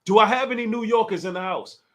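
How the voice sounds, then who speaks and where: Dc guy on a livestream, trash talking a rival and calling out his chat, voice sits kinda high. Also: fast talker. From Washington, D.C. area. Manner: taunting, challenging, talks straight to chat. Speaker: livestream host. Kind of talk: casual livestream call-out.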